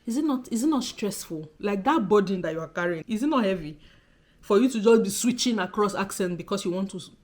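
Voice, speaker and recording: A woman's voice: medium pitch, lively intonation, quick pace, a little mellow. Brief: young Nigerian-accented woman, vlog host, pointed and exasperated, mid-range voice. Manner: exasperated, emphatic, repeats rhetorical questions. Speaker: vlogger. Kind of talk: direct-to-camera vlog talk.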